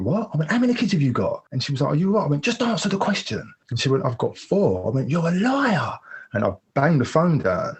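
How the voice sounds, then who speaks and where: Man, husky, quick, candid storytelling guest. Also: low voice, a little mellow. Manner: candid, rambling, acts out quoted voices. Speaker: podcast guest. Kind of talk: personal storytelling.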